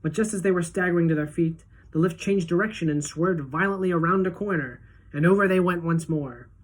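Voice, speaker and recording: A woman teacher reading a children's book aloud to a class, in a steady, clear storytelling manner. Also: lowish voice, brisk.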